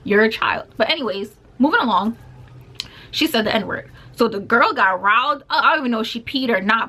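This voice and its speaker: A woman's voice: fairly high pitch, animated, brisk, sharp tone. Young woman telling a casual storytime. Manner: casual, filler-heavy retelling with many quoted exchanges. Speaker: vlogger. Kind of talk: storytime vlog.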